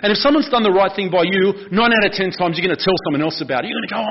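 An Australian man, a pastor, giving a lively, conversational sermon and asking the congregation questions. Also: high voice, fast talker, hardly any pauses, breathy edge, highs cut off.

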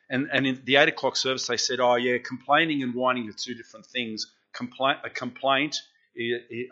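A man preaches in a church and keeps asking the congregation questions. His voice is bright and lively. The recording sounds dull and lo-fi. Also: medium pitch. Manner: chatty, asks the congregation questions. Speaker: pastor. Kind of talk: interactive sermon.

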